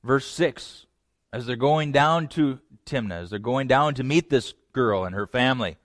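A man's voice: medium pitch, moderate pace, dry recording. Guy preaching a sermon, acts out the story lines, talks right at the young guys, dry sound. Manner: animated storytelling, acts out voices; direct address to young men. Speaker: pastor.

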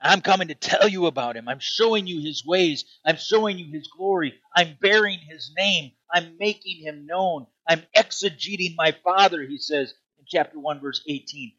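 A man preaching a sermon, emphatic, swinging from loud declarations to hushed asides. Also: a little high, moderate pace, few pauses, dry recording, muffled recording. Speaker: pastor.

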